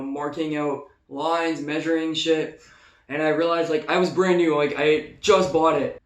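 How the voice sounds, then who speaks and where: High-voiced guy telling a story. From Canada. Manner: animated, swearing, acts out shouted quotes. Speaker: vlogger. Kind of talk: casual anecdote storytelling. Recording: echoey room.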